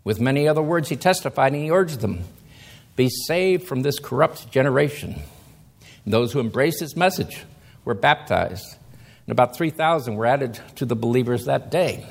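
A man with a medium-pitched voice, vocal fry, and a breathy edge preaches a sermon. He reads scripture slowly, then explains it with emphatic rises in his voice.

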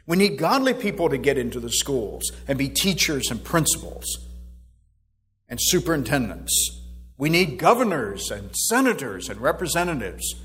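A middle-aged man preaching a sermon as pastor, swinging from loud exhortation to soft asides. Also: medium pitch, sing-song, moderate pace.

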